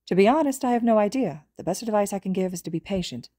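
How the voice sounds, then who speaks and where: A woman reading a calm, elderly school nurse. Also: mid-range voice, quick pace, no echo, clean studio sound, natural voice. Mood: clinical. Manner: calm, clinical.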